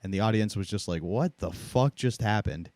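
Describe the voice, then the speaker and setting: Low-voiced man, laid-back storyteller. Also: normal speed, darkish tone, no room sound. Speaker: comedian and podcast co-host. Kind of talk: casual chat.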